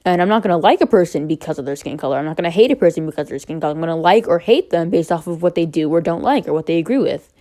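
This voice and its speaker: Mellow-voiced young woman vlogging candidly. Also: lowish voice, expressive, very fast. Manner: rambling, frequent fillers, candid. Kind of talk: unscripted personal talk to camera.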